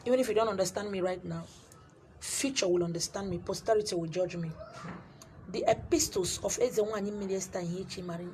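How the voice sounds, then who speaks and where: A Nigerian woman, a spiritual teacher, preaches to camera while selling her handouts, speaking emphatically, repeating phrases, and swinging from loud to hushed. Her voice is mid-range, with a little hiss or hum in the recording.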